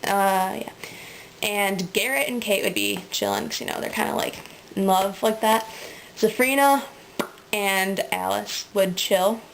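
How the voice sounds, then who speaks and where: A woman talks into her webcam in a loose, rambling way, hopping between thoughts with lots of ums and likes. She giggles often, her voice sits in an ordinary middle pitch, and a faint hiss runs under the recording. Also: big pitch swings, unhurried, gravelly, poor audio. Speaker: vlogger. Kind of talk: casual rambling monologue.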